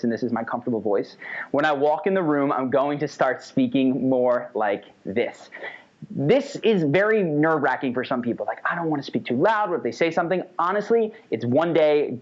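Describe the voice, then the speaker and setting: A man teaching an online course in a casual, energetic way, sometimes demonstrating how his voice changes. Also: mid-range voice. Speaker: course instructor. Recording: slightly dull lo-fi audio.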